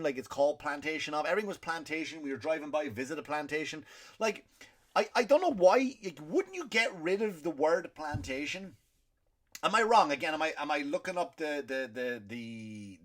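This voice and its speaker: An Irish man hosting a comedy podcast, ranting in a loose stand-up style, often restarting and repeating words, swinging between loud outbursts and low muttering. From Ireland.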